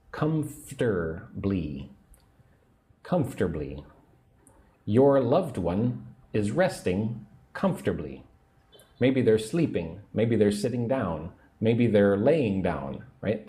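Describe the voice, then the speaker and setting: A man teaching English on a livestream, speaking slowly and patiently and repeating phrases for learners. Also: fairly low pitch, very animated, dark tone. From United States.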